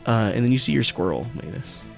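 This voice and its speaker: A man's voice: mid-range voice, expressive, fairly quick, vocal fry, soft background music. A man narrating as game master in a tabletop game, rambling with lots of fillers and swearing.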